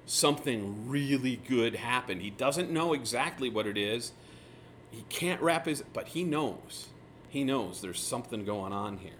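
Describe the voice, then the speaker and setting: A man teaching through a Bible passage in a relaxed, conversational way, retelling the scenes with lively asides. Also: mid-range voice, a little hiss or hum. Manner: casual, animated retelling of scripture scenes.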